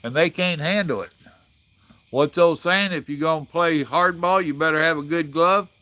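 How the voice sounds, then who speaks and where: Host, sixties, folksy and blunt, bright forceful voice, fairly high for a man. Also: moderate pace. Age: 60s. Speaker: livestream host. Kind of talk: casual live chat reading comments.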